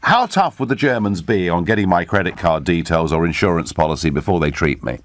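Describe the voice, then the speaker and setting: A man hosting a radio phone-in show, lively and quick to stammer into his points. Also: low voice, a little hiss or hum. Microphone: studio microphone.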